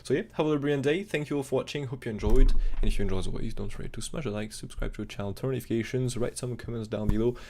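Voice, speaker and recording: Fast-talking gravelly male crypto streamer. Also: mid-range voice, a little mellow, a little hiss or hum. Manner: fast, rambling, non-native phrasing with fillers. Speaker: crypto chart analyst streamer. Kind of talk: live-stream technical analysis chat.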